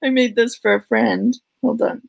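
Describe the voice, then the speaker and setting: A woman's voice: a little high, steady tone, moderate pace, gravelly, slight background noise. A woman co-hosting a casual podcast chat, telling stories eagerly and laughing often. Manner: giggly, enthusiastic storyteller. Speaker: podcast co-host.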